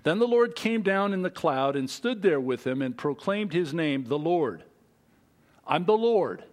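A man preaching a sermon, slow and emphatic, reading scripture aloud and swinging between loud, raised lines and hushed, low ones. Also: very animated.

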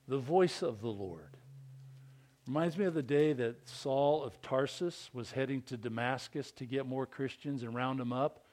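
A man preaching a sermon, reading scripture and acting out quotes with rising, pleading intensity. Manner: animated preaching, climbs high and loud on quotes. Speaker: pastor.

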